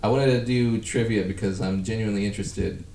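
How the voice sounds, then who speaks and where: A man's voice: on the low side, steady tone, fairly quick, mellow, distant mic. A man hosting a podcast, chatting casually and rambling, with frequent swearing. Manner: rambling, profane, breaks into laughter. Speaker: podcast host. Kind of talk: casual chat. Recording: echoey room.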